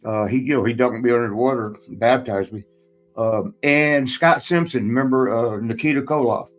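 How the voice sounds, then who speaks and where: A man's voice: mid-range voice, moderate pace, soft background music, rough recording. Rambling, cussing man telling stories. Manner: rambling, swears and laughs often. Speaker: podcast host and former wrestler. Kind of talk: casual storytelling chat.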